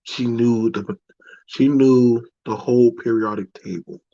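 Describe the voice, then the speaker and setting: A man telling a personal story to his viewers in a reflective, halting way. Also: mid-range voice, steady tone, warm tone. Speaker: vlogger. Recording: dry, dull lo-fi recording.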